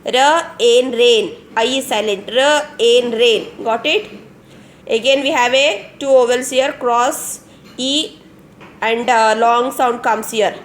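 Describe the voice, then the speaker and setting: A woman's voice: a little high, slow pace, slight background noise. A woman teacher with an Indian English accent giving an online phonics lesson to young children, spelling words out letter by letter and repeating them patiently. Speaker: kindergarten teacher.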